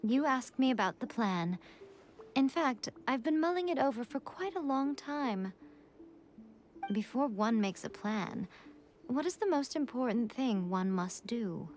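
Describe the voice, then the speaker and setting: An actress playing a sly, composed shrine priestess who speaks in a teasing, unhurried way, with soft game music behind her. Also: a little high, lively intonation. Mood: scheming. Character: sly poised fox-like shrine priestess woman.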